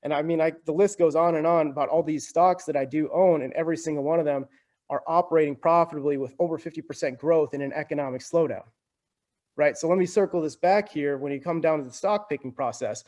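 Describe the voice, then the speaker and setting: A talkative young man speaking as a podcast guest, his voice sitting a bit higher than most men's. He explains in a loose, conversational flow and keeps checking in with "right?" between points. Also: fast, a little mellow. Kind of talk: casual explanatory talk.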